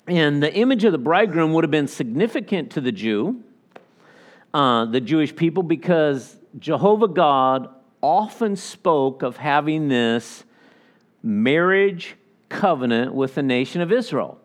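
With a fairly high voice and a measured pace, this pastor preaches animatedly, performing the voices of the people he cites.

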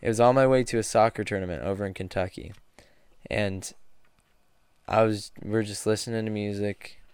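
Earnest young man, smooth and low. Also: fairly even intonation, darkish tone, no room sound. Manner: earnest storytelling, halting restarts. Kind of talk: casual podcast conversation.

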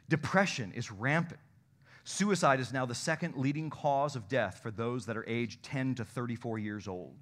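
A man's voice: medium pitch, fairly bright tone. A man preaching a sermon from a church pulpit, emphatic, with rising bursts of intensity. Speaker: pastor. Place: church sanctuary.

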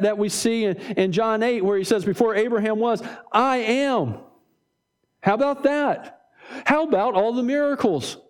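A man preaching a sermon, animated, acting out voices in dialogue and often repeating words as he builds a point. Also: high-pitched. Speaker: pastor.

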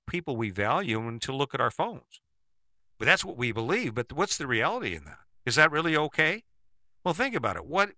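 A man's voice: mid-range voice, bright, forceful tone, dry recording, studio quality. A man giving a persuasive commentary monologue, firing skeptical rhetorical questions with emphasis. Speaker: speaker giving a monologue to camera.

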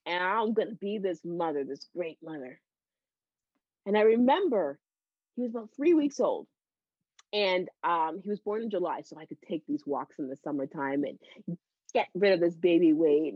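A woman in her thirties, a psychotherapist guest, telling her personal story in an animated, heartfelt way and laughing often between phrases. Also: mid-range voice, dry recording. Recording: dull, slightly lo-fi dry audio.

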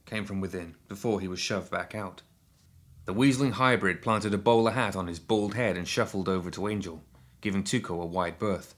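A man narrating a dark fantasy audiobook in a steady, measured reading. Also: sits low.

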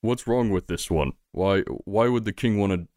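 A big male toad with a low, folksy drawl, leering and pushy and never minding his own business, as a man puts him on. The voice is close and dry, as if spoken right into the mic in a small, dead room, for a tabletop game played out loud. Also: normal speed, no echo, close to an everyday voice.

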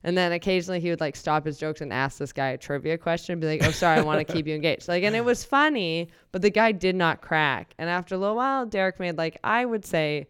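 A woman comedian telling stories in casual chat, animated, acting out the people she quotes. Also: fairly low pitch, clear, resonant tone, no room sound, studio quality. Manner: animated, quick storyteller who acts out the people she quotes. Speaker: comedian guest. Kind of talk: casual storytelling.

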